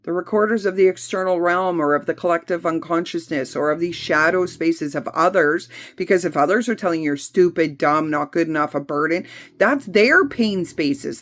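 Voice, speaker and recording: A woman's voice: on the low side, a bit bright. A woman teaching spiritual healing in a blunt, emphatic, repetitive way, with occasional swearing. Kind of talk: spiritual self-help talk.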